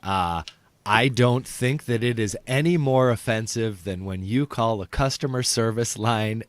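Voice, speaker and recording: With a mid-range voice, a slightly slow pace and no echo, this man hosts a podcast and does stand-up. His casual comedic chat is lively and meandering, packed with filler words.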